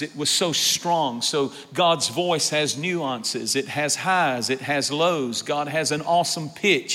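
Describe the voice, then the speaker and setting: A man's voice: fairly high pitch, bright, forceful tone, big-room sound. A man preaching a sermon as pastor, emphatic, repeating phrases and calling on the congregation for an amen.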